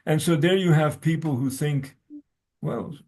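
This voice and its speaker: A man's voice: a little high, measured pace, creaky, darkish tone. A man talking as a guest scholar, reading from his own essay and quoting sources, often restarting his sentences.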